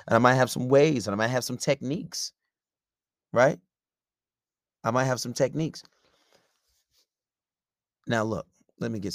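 A man's voice: lowish voice, gravelly, no echo, studio quality. A man hosting a podcast, giving relationship advice in a blunt, profane, rambling casual monologue.

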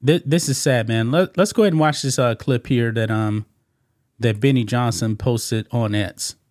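A man's voice: mid-range voice, normal speed, a little mellow, dry recording. Man, channel host, reaction commentary, emphatic and repetitive, mid-range voice, dry close mic.

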